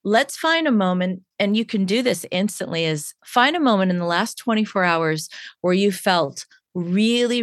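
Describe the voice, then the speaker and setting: A woman's voice: fairly low pitch, no room sound, clean studio sound. A woman coach from Chicago talking animatedly in a casual podcast conversation, acting out quotes. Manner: animated, acts out quotes with big voices.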